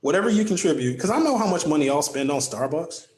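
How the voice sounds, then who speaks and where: A man's voice: on the high side, very animated, quick pace, a little mellow, reverberant. A man hosting his own political talk show, delivering an impassioned, preachy monologue with sarcastic asides.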